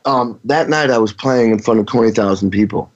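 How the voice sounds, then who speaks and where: A man's voice: lowish voice, fairly quick. A middle-aged man, a touring rock drummer, telling anecdotes in a casual interview, rambling with frequent restarts. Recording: dull lo-fi sound.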